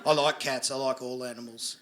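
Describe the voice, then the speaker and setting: A man's voice: medium pitch, steady tone, fairly quick, a bit bright. A man with an Australian accent doing a stand-up set on a club stage, crude and sarcastic as he chats with the crowd. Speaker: stand-up comedian. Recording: live club recording with audible laughter noise. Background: audience laughter.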